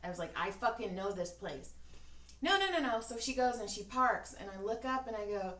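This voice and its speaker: A woman's voice: medium pitch, fairly quick, echoey room, far from the mic. A woman co-hosting a podcast in casual chat, telling stories with lots of acted-out quotes and swearing. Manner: animated storytelling, acts out quotes, swears freely. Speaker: podcast co-host.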